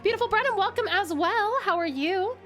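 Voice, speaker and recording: Faint game music underlies this casual live-stream chat from a chatty, bubbly Australian woman who calls her viewers sweet nicknames. Her voice is extremely high-pitched, fairly bright, and brisk.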